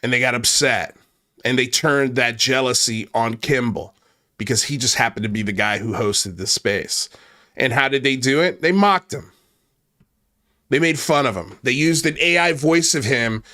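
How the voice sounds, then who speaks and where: A man with a mid-pitched voice delivers a heated commentary rant. He swears freely and sounds worked up, now and then tripping over the start of a line. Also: normal speed, bright, forceful tone. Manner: angry, profane, ranting; repeats himself and restarts when worked up. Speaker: commentary channel host.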